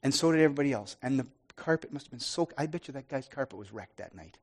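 A man's voice: mid-range voice, fast talker. Earnest man telling a testimony. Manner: earnest, animated, frequent restarts, loud and soft swings. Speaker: preacher giving testimony. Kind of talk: sermon testimony storytelling.

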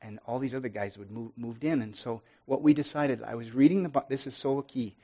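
Guy preaching his testimony, earnest, keeps restarting, gets loud then drops way soft, mid-pitched. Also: brisk. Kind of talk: sermon testimony storytelling.

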